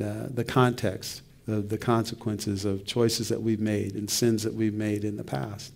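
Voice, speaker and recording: A man's voice: on the low side, creaky. A middle-aged man, a pastor, teaching a church book study in a conversational, reflective way. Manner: conversational, reflective, with soft laughs and restarts.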